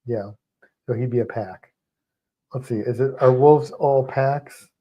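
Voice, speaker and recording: A man's voice: medium pitch, lo-fi sound. A man co-hosting a livestream, chatting casually and rambling with fillers. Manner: relaxed, rambling, halting with fillers. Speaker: livestream co-host. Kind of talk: casual chat.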